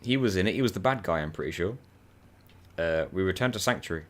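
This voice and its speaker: A man with a low, deep voice chats casually with a friend while they play a co-op video game. He tells stories with animated energy and breaks into laughter often. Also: fast talker. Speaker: co-op gaming channel host.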